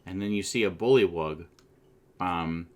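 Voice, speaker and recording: A man running a tabletop game as game master, chatty and loose in his narration and quick to laugh. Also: sits low, a little mellow.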